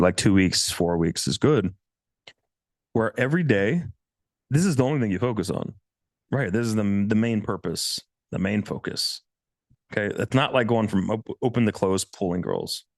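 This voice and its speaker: Blunt, animated man coaching a seminar. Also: no room sound, studio quality. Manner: blunt and profane, with many restarts; animated, jumps into high voices for quotes. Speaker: dating coach. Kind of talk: seminar presentation.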